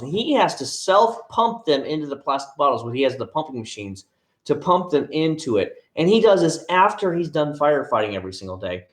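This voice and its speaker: A man hosts a casual live stream and answers his viewers in a loose, rambling way. He restarts his sentences often, drifts into asides, and calls people by name. His voice bounces around a noticeably echoey room. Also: medium pitch. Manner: talks directly to viewers by name.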